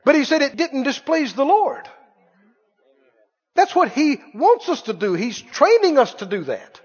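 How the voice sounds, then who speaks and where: A man preaching a sermon as pastor, emphatic and repetitive, swinging between loud bursts and quiet asides. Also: very high voice, very animated, a little slow. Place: church sanctuary. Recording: muffled church recording with long reverb.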